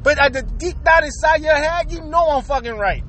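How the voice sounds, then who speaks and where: A man's voice: very high voice, moderate pace, pushed and bright, slight background noise, rough recording. An angry man in a profane, streetwise political rant, cursing hard and talking straight to the viewer.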